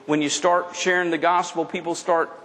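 A male pastor delivering a sermon, pressing his points by repeating words and circling back mid-sentence. His voice sits on the higher side for a man. A long reverb from the sanctuary trails each phrase. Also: level tone, moderate pace, a bit bright. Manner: emphatic, repeats key phrases, frequent restarts. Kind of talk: expository sermon.

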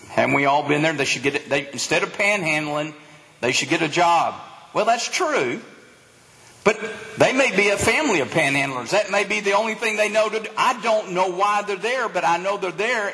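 A man's voice: on the high side, bright, forceful tone. A man preaching a sermon as a pastor, delivering it with animation and acting out the voices of the crowd. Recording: long hall reverb.

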